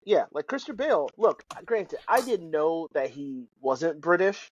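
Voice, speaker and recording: A man with a fairly high, husky voice talks loosely on a podcast. He rambles, swears freely and lets his sentences trail off. The recording is dry and dull, like a cheap lo-fi mic. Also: big pitch swings, measured pace, no echo. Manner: rambling, profane, trails off mid-thought. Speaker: podcast co-host. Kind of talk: casual chat.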